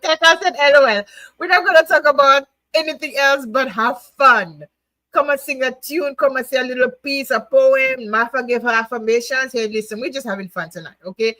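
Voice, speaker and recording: A woman's voice: a little high, pushed and bright, no echo, rough recording. A woman hosting a casual poetry night livestream, chatting and laughing, coaxing viewers to join, then reading her own poem. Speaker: livestream host.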